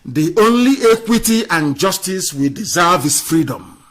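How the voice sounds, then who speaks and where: A man delivering an impassioned political radio address, scornful and fiery, swinging between loud outbursts and quiet asides. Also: high voice, very animated, normal speed, soft background music. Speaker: radio broadcaster.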